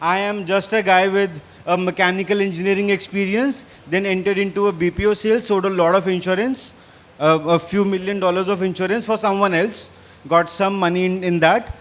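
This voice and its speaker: A man with an Indian English accent, slightly hoarse, giving an energetic interactive business talk on stage. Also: high-pitched, fairly quick. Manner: energetic, quizzes and challenges the audience. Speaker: business speaker. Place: stage in front of a live audience.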